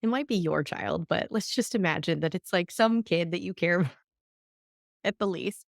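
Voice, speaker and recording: A woman hosting a solo podcast, teaching in an animated way and acting out the voices she quotes. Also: fairly low pitch, unhurried, vocal fry, no room sound, studio quality. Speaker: podcast host.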